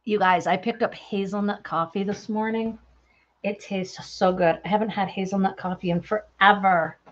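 A woman's voice: mid-range voice, steady tone, normal speed, highs cut off. A woman hosting a crafting livestream, chatting casually with viewers in a bubbly, chatty way and laughing often. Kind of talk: casual chat with live viewers.

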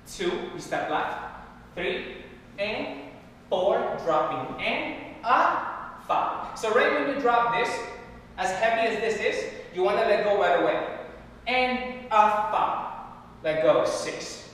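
Brief: high, lively male dance instructor counting eights, captured from far off in an echoey hall. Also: takes it slowly, pauses often, slight background noise. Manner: upbeat, counts beats in a sing-song rhythm. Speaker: hip hop dance teacher. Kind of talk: counting and cueing a dance class. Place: large echoey dance studio.

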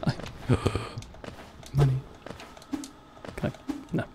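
A man's voice: extremely slow, very noisy. A young adult man streaming a game live, chatting playfully with his viewers and laughing often. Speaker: gaming streamer. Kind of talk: casual live-stream commentary.

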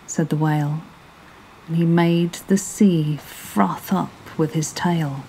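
A woman narrating a bedtime story in a soft, slow way, often dropping into a whisper. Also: low-pitched, fairly even intonation, a little hiss or hum, low-quality recording.

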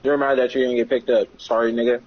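A man's voice: mid-range voice, flat delivery, quick pace, muffled recording. A young man gaming with friends, taunting them nonstop with profane, repetitive insults over voice chat. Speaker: gamer streaming with friends. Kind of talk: trash-talking voice chat.

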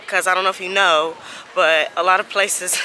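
A woman's voice: fairly low pitch, steady tone, normal speed, bright, forceful tone. A woman chatting casually to her camera outdoors in a windy city, rambling with lots of fillers. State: out of breath from climbing stairs. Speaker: travel vlogger. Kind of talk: casual vlog chat to camera. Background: music.

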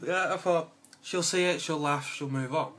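A young man tells his viewers about his day in a rambling, excitable vlog. His voice sits a bit high and sounds bright and punchy. He giggles easily and fills pauses with ums and likes. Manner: excitable, giggly, lots of fillers and playful asides. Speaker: vlogger. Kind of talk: casual rambling vlog chat.

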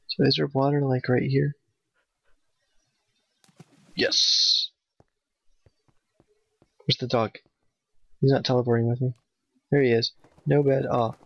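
A man giving nervous, excitable let's play commentary, talking to his in-game dog. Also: medium pitch, vocal fry, husky, dry recording. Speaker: gamer playing a Minecraft map. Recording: dull, dry home mic.

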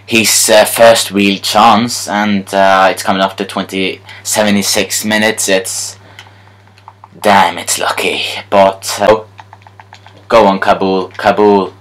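A young man commentating his own football video game match live, excitable, moving between muttered asides and shouting at the game. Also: on the low side, slow.

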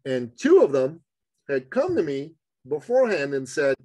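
A man telling a personal story as a guest on a podcast, in a fairly high, lively voice. He is animated and conversational. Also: moderate pace, no echo, low-quality recording. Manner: animated storyteller, calls the host "brother".

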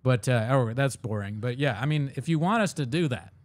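A man's voice: medium pitch, lively intonation, fairly quick, dry recording. A man co-hosting a podcast watch party, joking and riffing in casual chat. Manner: joking, riffing, mock impressions. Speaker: podcast co-host.

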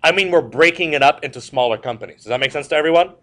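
Man teaching a history class, slightly high voice, jokey storytelling, asks questions, classroom. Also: racing, fairly bright tone. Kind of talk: classroom lecture.

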